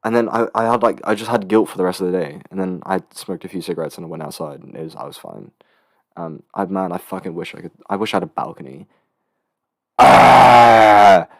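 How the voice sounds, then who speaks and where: A young man in his late teens from England, hosting a casual solo podcast in a rambling, swearing, animated storytelling way. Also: deep voice, fast talker, no room sound, studio quality. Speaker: podcast host. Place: student accommodation room.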